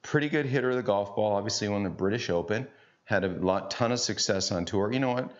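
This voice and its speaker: Middle-aged golf coach guy, low-ish voice, chatty and jokey, kinda dull lo-fi sound. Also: fast. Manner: folksy, chatty, jokey asides. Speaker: golf instructor. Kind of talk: on-course instruction.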